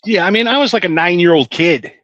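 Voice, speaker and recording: A man's voice: high-pitched, fast talker, fairly bright tone, dry recording, highs cut off. A man co-hosting a podcast in casual chat, telling loose anecdotes and laughing along. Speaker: podcast co-host.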